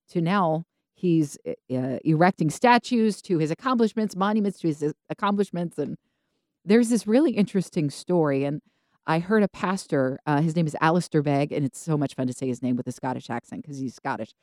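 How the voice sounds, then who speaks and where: A woman co-hosting a podcast, telling Bible stories casually and acting out the characters in quick voices. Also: low-pitched, no echo, studio quality. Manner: animated storytelling, acts out biblical characters in quick voices. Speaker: podcast co-host.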